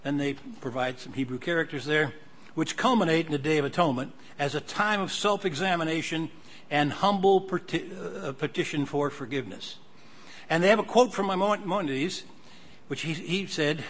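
An older man delivers a sermon in a slightly higher voice than most men. He talks through the passages in an easy, conversational way, then reads the verses aloud with building force. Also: moderate pace, a bit bright. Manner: conversational Bible teaching, reads scripture aloud with rising emphasis. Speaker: preacher.

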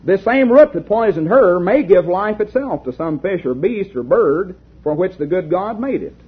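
Man reading as a wise old doctor from way back, patient and calm, high husky voice, tinny lo-fi sound. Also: heavily acted. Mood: earnest. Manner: measured, reading aloud. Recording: lo-fi tinny recording.

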